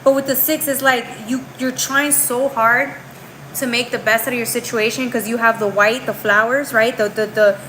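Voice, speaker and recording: This tarot reader's voice is a little high, pushed and bright, with fairly even intonation and a normal speed. The low-quality recording carries a little hiss or hum. Giving a live reading, she's chatty and slangy, calls the viewer girl and bro, tags her lines with "right?", and often restarts or trails off mid-phrase.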